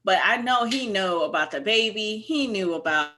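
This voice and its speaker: A woman's voice: medium pitch, expressive, normal speed, pushed and bright, a little hiss or hum. A woman co-hosting a casual recap chat, talking in an emphatic, blunt way. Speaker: podcast co-host.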